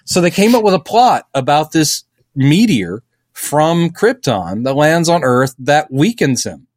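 A middle-aged man co-hosting a podcast in casual chat, animated and putting on silly voices when quoting. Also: fairly high pitch, unhurried, no room sound, studio quality. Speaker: podcast co-host.

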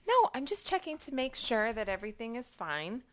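A woman, a mother, chatting casually on a podcast, halting and restarting as she explains. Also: a little high, sing-song. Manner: halting, with restarts and short agreements. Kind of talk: casual chat.

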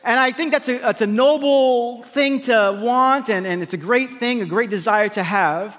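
A man with a high voice delivers a sermon to his congregation in a large hall with a long, echoing reverb. He preaches emphatically, doubling back on his phrases and throwing quick asides to the people in front of him. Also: a bit bright. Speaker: pastor.

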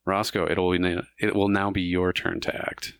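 A man's voice: low voice, level tone, moderate pace, creaky, clean tone, no room sound, studio quality. A man running a tabletop game as game master, narrating combat vividly with playful, crude jokes.

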